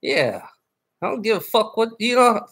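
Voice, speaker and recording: A man's voice: high voice, very animated, normal speed, gravelly, fairly bright tone, slightly rough. A man on a live stream, ranting angrily at his chat with lots of swearing and stumbling restarts. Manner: angry, profane, repetitive, stammering restarts. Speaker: livestreamer. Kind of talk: casual live stream rant.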